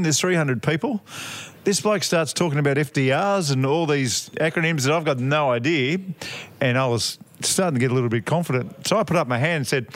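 An Australian man co-hosting a casual podcast chat, telling stories with lots of laughter. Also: on the high side. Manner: laughs often, tells stories animatedly. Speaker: podcast co-host.

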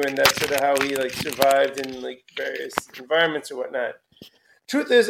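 A man on a podcast giving a calm, detailed explanation, with the odd filler. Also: fairly high pitch. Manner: explains calmly and at length, with some fillers.

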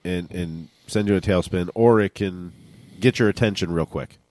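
A man talks sports in a low, even voice. He is measured and often restarts his sentences. The recording is dry and close. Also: no echo. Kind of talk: casual sports talk.

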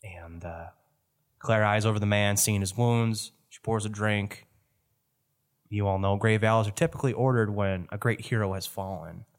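A man's voice: lowish voice, fairly even intonation, normal speed, clear, resonant tone. A man narrating as game master in a tabletop game, loose and joking.

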